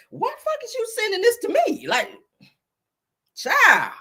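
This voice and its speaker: Woman doing a disgusted, drawn-out city attorney. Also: extremely high pitch, huge pitch swings, pushed and bright, pitched above the performer's own voice, heavily acted. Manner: slow drawn-out disbelief.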